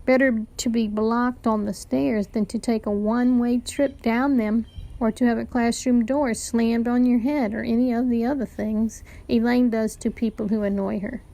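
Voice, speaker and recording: A woman teacher reading a children's novel aloud to a class, with lively storytelling narration. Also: on the high side, normal speed, gravelly.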